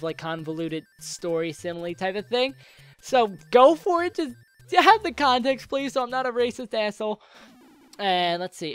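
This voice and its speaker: A man's voice: sits high, fairly bright tone, clean tone. A young man answering viewer questions in a casual, joking, rambling way while playing a game, coming down with a cold and a sore throat. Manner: rambling, joking, self-interrupting.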